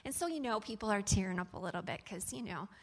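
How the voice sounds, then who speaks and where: A woman's voice: mid-range voice, expressive, fast talker. A woman animatedly telling a personal story from her camp ministry work, in a chatty style full of fillers.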